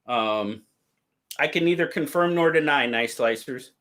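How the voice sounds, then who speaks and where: Slow, lively-pitched male livestream host. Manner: drawn-out, easygoing storytelling with quoted voices. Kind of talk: casual storytelling to live chat.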